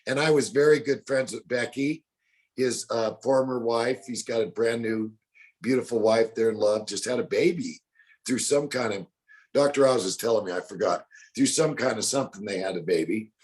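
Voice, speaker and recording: A man's voice: mid-range voice, moderate pace, darkish tone. Older man telling rowdy stories. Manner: colorful storyteller, acts out quotes in other voices. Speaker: bounty hunter guest. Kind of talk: animated storytelling interview.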